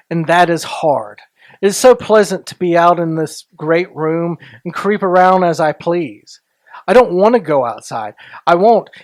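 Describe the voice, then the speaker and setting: Slow, deliberate male story reader. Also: a little high, dry recording. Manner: slow, deliberate, softening into hushed tones. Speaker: story reader and podcast host. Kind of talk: dramatic reading of a classic story.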